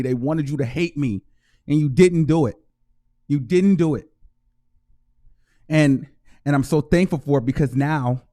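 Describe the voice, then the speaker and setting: A man hosting his own channel, giving heartfelt shout-outs in slangy casual talk and repeating himself for emphasis. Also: mid-range voice. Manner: heartfelt, emotional. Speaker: YouTube show host. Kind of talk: casual vlog shout-out to viewers.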